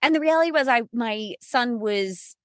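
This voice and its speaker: A woman's voice, a little higher than most, comes close and dry with no room around it. She tells her story as a podcast guest in a loose, chatty way. Her tone is frank and expressive, with self-mocking humor and plenty of "like" fillers. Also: moderate pace, no echo. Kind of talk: casual conversational storytelling.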